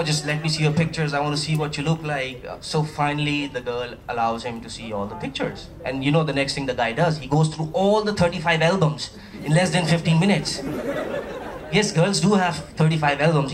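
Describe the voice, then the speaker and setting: Pakistani stand-up comic, fairly high voice, lively banter with the crowd, live mic a bit distant with faint hiss. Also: male voice. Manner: chatty, animated, with playful asides to the audience. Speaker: stand-up comedian. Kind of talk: stand-up comedy routine. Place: comedy stage before a live audience.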